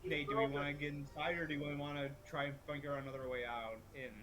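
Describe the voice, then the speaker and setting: A man's voice: fairly high pitch, little pitch movement, quick pace, a bit bright, a little hiss or hum. A man playing a tabletop role-playing game, thinking aloud in a rambling way and swearing casually. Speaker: player.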